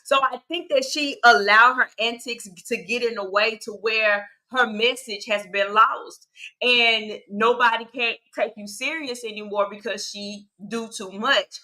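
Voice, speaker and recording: A woman co-hosting a casual gossip chat about a reality show, animated and opinionated, laughing often. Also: a little high, unhurried.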